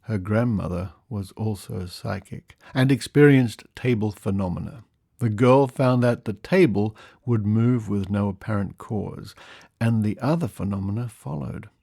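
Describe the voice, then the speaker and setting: A man's voice: medium pitch, gravelly, darkish tone, no room sound, clean studio sound. Man reading aloud with wry asides. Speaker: podcast host.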